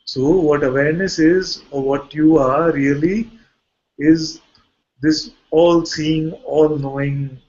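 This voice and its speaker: A man with an Indian accent, a spiritual teacher giving a satsang talk in a calm, searching way. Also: fairly high pitch, dull audio. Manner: calm, searching explanations with soft laughs.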